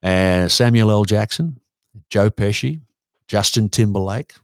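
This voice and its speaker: Australian man, low voice, dry sound, lively yarn-spinner, casual pub chat, breaks into silly voices. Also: measured pace, dry recording. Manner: animated storyteller who breaks into silly cartoon voices. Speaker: podcast co-host telling a story.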